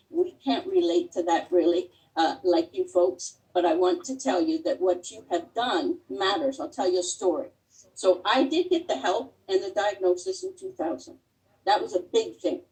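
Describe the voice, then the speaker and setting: A middle-aged woman shares her own story as a guest speaker, earnest and heartfelt, often pausing with small fillers as she gathers her thoughts. She sits back from the microphone on a video call, so her voice sounds a little distant. Her pitch sits in an ordinary middle range. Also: darkish tone. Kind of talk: personal testimony talk.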